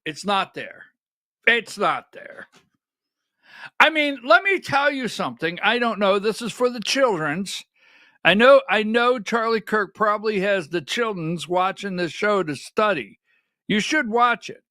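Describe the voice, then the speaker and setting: Bright, high-pitched ranting male host. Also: dry recording, clean studio sound. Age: middle-aged. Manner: animated, rhetorical, keeps asking "right?"; rises to near-shouting when worked up. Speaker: political commentary host. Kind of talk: livestreamed political commentary.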